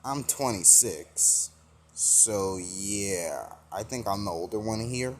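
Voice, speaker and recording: A man voicing a calm, self-assured young male hero in a casual retelling of a fan story. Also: fairly low pitch, slow pace, a little hiss or hum. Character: calm confident young male hero, older brother type.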